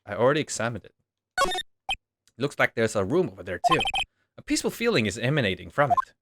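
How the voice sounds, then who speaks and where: A man casually reading a detective game's dialogue aloud in a wry, relaxed playthrough. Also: mid-range voice, quick pace. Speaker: game streamer reading all characters. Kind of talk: game playthrough voicing the text. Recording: voice over loud game music.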